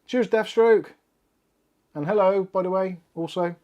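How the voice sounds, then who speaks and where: Speaking from an indoor desk setup with a laptop and cameras, a man with a Bristol accent hosts an easygoing tech livestream full of jokes and free swearing. His voice is high-pitched and darkish, unhurried in pace, and the recording has its highs cut off.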